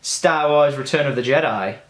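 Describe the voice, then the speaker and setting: Chatty lad, echoey room. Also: male voice, on the high side, moderate pace, a bit bright. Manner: chatty, loose, swears freely, many fillers. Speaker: gaming vlogger. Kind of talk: casual storytelling.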